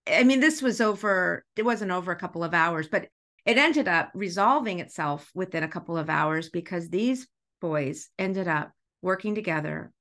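A middle-aged woman, a school's executive director, telling a story in a podcast interview with animated feeling and an easy laugh. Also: fairly low pitch, normal speed. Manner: animated, acts out dialogue while telling stories; emotional, laughs easily.

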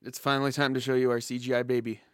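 A man's voice: medium pitch, flat delivery, very fast, no room sound, clean studio sound. A man co-hosting a podcast, chatting casually through a movie commentary, joking and often laughing. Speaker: podcast co-host.

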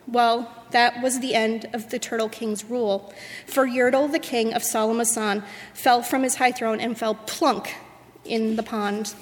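A woman leading a worship service, reading a rhyming story aloud in a rhythmic, expressive way. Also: fairly high pitch. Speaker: worship leader. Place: church sanctuary. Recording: echoey sanctuary.

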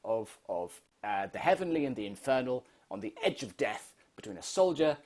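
A man's voice: medium pitch, very animated, a little mellow. A man playing a rambling, heavily medicated older film director, stammering and restarting constantly in a comedy interview. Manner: stammering, halting, full of restarts.

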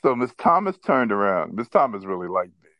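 A man's voice: fairly low pitch, big pitch swings, fairly quick, no echo, lo-fi sound. A man co-hosting a podcast, telling a childhood story in casual chat and laughing as he goes. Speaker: podcast co-host.

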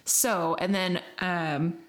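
A woman's voice: lowish voice, steady tone, very slow. A woman hosting a podcast in casual chat, chatty and giggly, explaining what she has read. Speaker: podcast host.

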